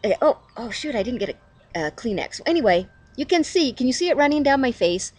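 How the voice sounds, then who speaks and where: A woman's voice: a little high, sing-song, fairly quick, a little mellow. A middle-aged woman hosting a casual devotional video, talking chattily to camera at home and laughing at herself.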